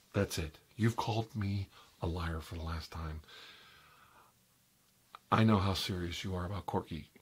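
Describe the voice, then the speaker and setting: Guy doing an oversharing interior decorator, whispered role-play asmr, rambly and gossipy, lowish voice that jumps to high squeals. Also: slight background noise. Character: chatty, oversharing middle-aged male interior decorator.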